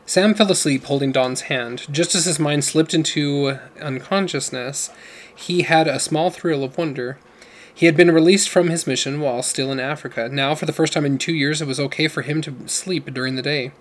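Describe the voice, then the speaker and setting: A man's voice: on the high side, normal speed. A man narrating a novel aloud in a plain reading voice, with occasional slips and self-corrections. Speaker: audiobook narrator.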